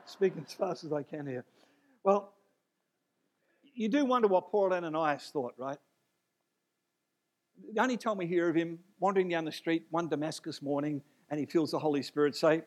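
A man preaching a sermon, animated and emphatic, with jokes and asides. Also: on the high side, a little fast.

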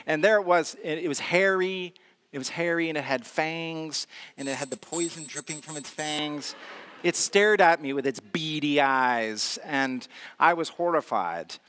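A man's voice: fairly high pitch, unhurried, fairly bright tone, clear, resonant tone. A man preaching a sermon in a conversational, storytelling way, with humor and frequent filler words. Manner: storytelling with humor and self-deprecation. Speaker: pastor.

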